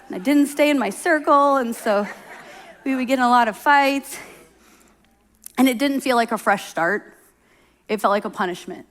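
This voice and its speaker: Woman pastor, middle-aged, high voice, chatty sermon delivery with acted-out quotes. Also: moderate pace, long pauses, fairly bright tone. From Oklahoma. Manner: conversational storytelling, acts out quoted voices.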